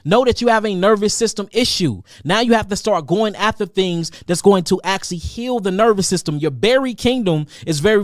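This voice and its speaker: A man's voice: sits high, no echo, studio quality. A man giving emphatic health advice, repeating key words for stress.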